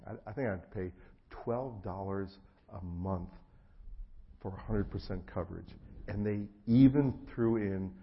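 A middle-aged man preaching a sermon, telling personal stories, acting out the voices of the people in them and swinging from hushed tones to loud bursts. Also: lowish voice, slightly rough, muffled recording. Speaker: pastor. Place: church hall before an audience.

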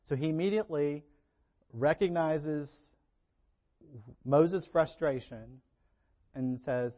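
A man with a slightly high voice preaches a casual, chatty sermon. He acts out Bible figures and laughs between points. The recording sounds dull and lo-fi. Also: takes it slowly, pauses often. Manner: conversational, acts out Bible characters with lively shifts.

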